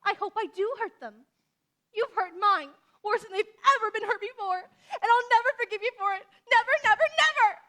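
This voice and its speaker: A woman's voice: very high-pitched, moderate pace, bright, forceful tone. A woman playing a fiery, talkative orphan girl who speaks in an impassioned, dramatic way, in a live stage musical. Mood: furious. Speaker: stage actor in a youth musical.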